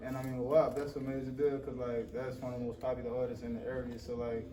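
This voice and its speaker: A man's voice: medium pitch, flat delivery, fast. A man hosting a casual interview, laid-back with short reactions. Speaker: interview host. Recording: roomy, distant mic, noisy.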